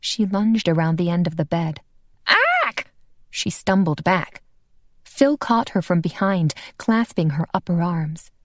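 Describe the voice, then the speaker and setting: A woman narrating a paranormal romance audiobook in an expressive, lively reading. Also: on the low side, a little slow, no room sound, studio quality. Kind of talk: scripted narration.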